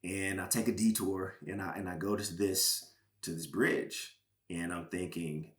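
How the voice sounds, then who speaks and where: A man from Georgia, a former pro football player, sharing a personal testimony as a podcast guest with earnest, halting emotional storytelling. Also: low voice, steady tone, roomy sound. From Georgia, USA.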